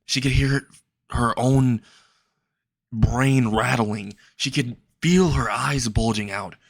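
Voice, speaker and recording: A young man narrating a dark fan fiction story in a slow, halting way. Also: dry recording, studio quality. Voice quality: low, gravelly voice.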